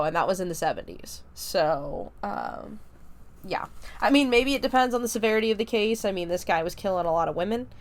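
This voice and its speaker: A woman's voice: on the low side, clear, resonant tone. A woman hosting a podcast, giving a casual spoken review of a film, talking chattily with lots of ums and likes. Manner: chatty, many fillers like um and like.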